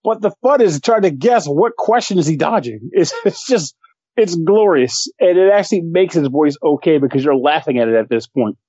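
A man's voice: fairly high pitch, normal speed, husky, no room sound, muffled recording. A man co-hosting a casual podcast, ranting animatedly and swearing often. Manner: animated, swearing, mocking voices in quotes. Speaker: podcast co-host.

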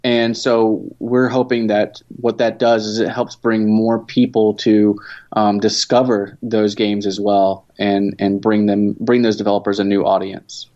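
A low-pitched man talks through his answers casually, pausing often with fillers and starting sentences over. His voice comes through a dull, lo-fi recording with the top end rolled off. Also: flat delivery, darkish tone. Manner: hesitant, many fillers and restarts. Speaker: guest from a game company. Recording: dull lo-fi sound.

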